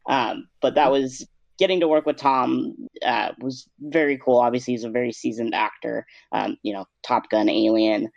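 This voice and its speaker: A man's voice: mid-range voice, moderate pace, creaky, no echo, dull audio. A man, a makeup artist and vet tech, telling a story at an easy pace in a casual interview, with many "um"s. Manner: relaxed storytelling with "um"s.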